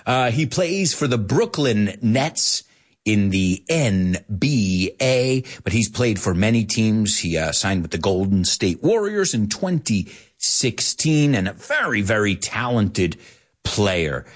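A man's voice: on the low side, very animated, takes it slowly. A middle-aged man hosting a casual show, playful and laughing often, explaining English words with Spanish glosses. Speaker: show host teaching English. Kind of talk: casual bilingual radio-style show.

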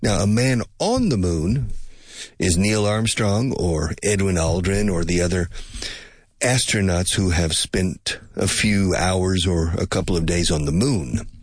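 An older American man with a low, husky voice talks through a relaxed teaching monologue. He muses aloud, repeats his words and drops in Spanish glosses. The sound is dry and close. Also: measured pace, dry recording. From United States. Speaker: English teacher.

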